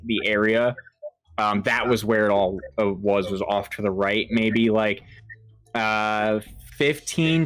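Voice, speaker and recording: A man's voice: lowish voice, clear, resonant tone, dry recording. Man running a tabletop horror game. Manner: halting, lots of fillers and restarts. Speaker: game master.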